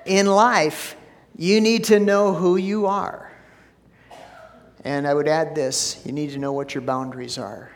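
A man's voice: fairly high pitch, measured pace. A man preaching as pastor, folksy and chatty with frequent restarts, telling a joke and praying in a church. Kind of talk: sermon with joke and prayer. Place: church sanctuary. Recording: long church hall reverb.

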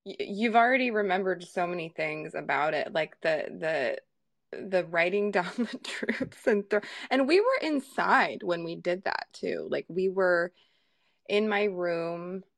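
A woman's voice: lowish voice, unhurried, no echo, studio quality. A young adult woman hosting a podcast in casual chat, laughing often and restarting her sentences. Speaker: podcast host.

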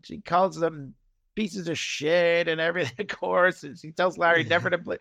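A man's voice: fairly high pitch, normal speed, creaky. A man co-hosting a podcast, chatting casually and acting out scenes from a TV episode in shifting voices. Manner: animated, acts out lines in loud shifting voices. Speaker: podcast co-host. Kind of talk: casual chat recapping a TV episode.

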